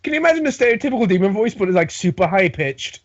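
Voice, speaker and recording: Excitable giggly woman chatting over a game stream, voice jumps all over, dull dry call audio. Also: medium pitch, rapid-fire, dry recording. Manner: giggly, excitable, laughs often. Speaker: tabletop game player. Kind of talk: casual chat on a game stream.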